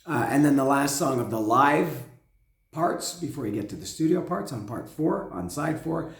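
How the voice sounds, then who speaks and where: A man hosting a casual spoken album review, his voice hoarse and cracking, rambling with restarts and humming along. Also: mid-range voice, animated, normal speed. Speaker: host. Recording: echoey room.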